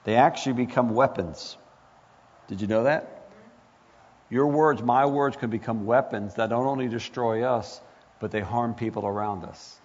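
A man's voice: mid-range voice, normal speed. A male pastor preaching a sermon with impassioned build-ups and rhetorical questions. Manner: impassioned, rising to near-shouts, rhetorical questions. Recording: echoey hall, dull lo-fi sound.

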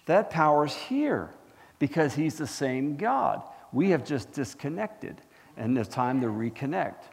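A man preaching a sermon as pastor, animated and asking the congregation questions. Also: a little high, a little slow, vocal fry, in a large hall. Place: church.

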